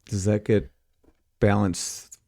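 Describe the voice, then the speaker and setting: Low, mellow man chatting casually. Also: little pitch movement, slow pace, creaky, a little hiss or hum. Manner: brief agreeing interjections. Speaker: podcast co-host. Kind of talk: casual podcast chat.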